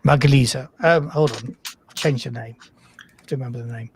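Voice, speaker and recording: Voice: mid-range voice, fairly quick, slight background noise. A game master from the United Kingdom narrating a tabletop role-playing game, hesitant and full of fillers. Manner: hesitant, filler-heavy, self-deprecating.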